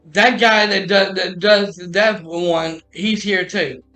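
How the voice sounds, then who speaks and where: A man with a high, bright and forceful voice tells a story on a live podcast stream. He stumbles and restarts his phrases, repeating himself as he acts out quoted dialogue, with faint music playing underneath. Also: steady tone, takes it slowly, rough recording. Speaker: podcast host telling a story. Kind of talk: casual rambling storytelling. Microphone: streaming mic.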